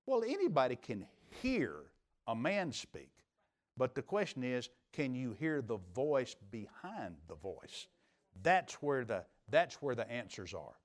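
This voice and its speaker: Preaching pastor swinging loud to hushed. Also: male voice, medium pitch, big pitch swings, measured pace. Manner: dynamic preaching, rising emphatic peaks and dropping to quiet asides. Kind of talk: sermon. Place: church sanctuary.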